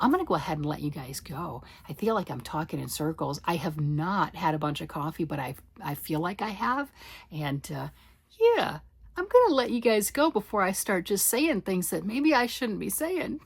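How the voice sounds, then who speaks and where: A woman's voice: fairly low pitch, big pitch swings, normal speed, creaky, husky, no room sound. A woman hosting a knitting podcast, rambling and self-deprecating as she chats casually with her listeners. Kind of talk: casual chatty monologue.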